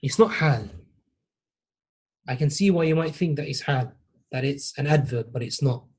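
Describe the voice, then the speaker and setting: A man's voice: mid-range voice, moderate pace, a little mellow, slightly rough. A man teaching an Arabic grammar class, patiently repeating key phrases and praising his students. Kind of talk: classroom lesson.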